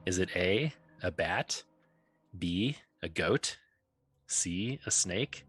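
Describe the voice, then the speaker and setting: A man's voice: low-pitched, animated, drawn-out words, fairly bright tone, breathy edge. A man co-hosting a casual podcast, reading trivia questions aloud and joking with his co-host. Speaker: podcast co-host, quiz master.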